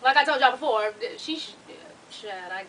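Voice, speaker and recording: High bright-voiced woman, sassy and cussing, recapping the show for y'all, kinda far from the mic. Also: lively intonation, fairly quick, slight background noise. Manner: blunt, profane, sassy, laughing asides; calls the viewers "y'all" and "honey". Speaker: vlogger recapping a reality show. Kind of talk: casual chat.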